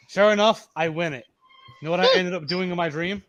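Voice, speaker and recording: A man's voice: sits high, a little fast, a bit bright. A man in his thirties from Massachusetts, telling long rambling stories full of swearing in casual voice chat. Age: 30s. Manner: rambling, profane, repeats himself.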